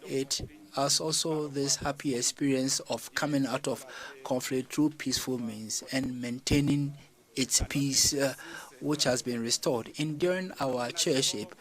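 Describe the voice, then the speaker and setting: A man delivering a formal policy address to a summit of leaders, measured and stopping often on fillers and restarts. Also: medium pitch, rough recording. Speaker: summit chair addressing heads of state.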